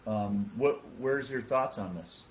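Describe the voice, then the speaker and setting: A man's voice: fairly low pitch, slow pace, slight background noise, low-quality recording. A man hosting a casual chat show, talking in a playful, jokey way. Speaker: podcast host.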